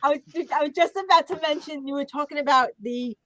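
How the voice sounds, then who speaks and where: A woman's voice: sits high, fast talker, pushed and bright, a little hiss or hum. A woman hosting a casual online panel, chatty and giggly. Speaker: host. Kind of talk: casual livestream chat.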